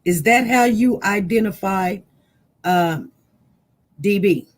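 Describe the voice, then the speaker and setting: A man's voice: sits high, slow pace, low-quality recording. A man acting as an attorney in a mock trial, questioning a witness over a video call with hesitant, filler-laden phrasing.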